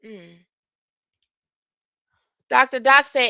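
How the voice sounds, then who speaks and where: A woman reads text messages aloud and reacts to them. Her tone is bright and animated, and she exclaims as she goes. The sound is close and dry. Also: high-pitched, a little slow, no room sound. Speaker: host.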